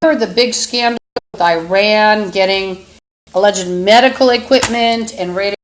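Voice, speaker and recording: A woman host rambling in a live-stream monologue into a phone camera, halting with many fillers and breaking into angry, insulting outbursts. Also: medium pitch, a little hiss or hum, poor audio.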